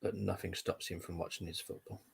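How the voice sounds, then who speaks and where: A man's voice: deep voice, flat delivery, brisk, gravelly, breathy edge. A young man hosting a live football stream, chatting in a rambling, casual way with lots of fillers. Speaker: livestream football update host.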